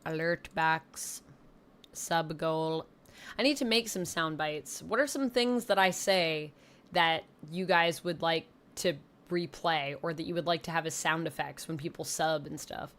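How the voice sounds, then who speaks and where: A young woman from Canada, with a touch of Southern twang, rambles casually on a live stream from her home desk mic in a chatty, self-deprecating way. Her voice is low and fairly bright, and she takes her time.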